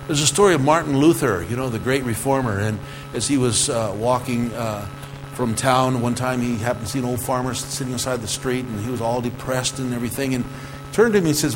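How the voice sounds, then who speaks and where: A man's voice: medium pitch, lively intonation, moderate pace, long reverb tail, music in the background, poor audio. A man preaching a sermon earnestly, repeating key phrases and asking rhetorical questions. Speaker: pastor.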